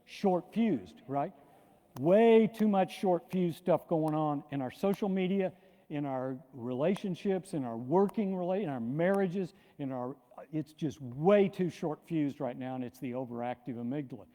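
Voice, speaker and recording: An older man, a pastor, giving a lively, animated storytelling lecture with frequent restarts. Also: a little high, unhurried. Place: lecture hall. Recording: long hall reverb.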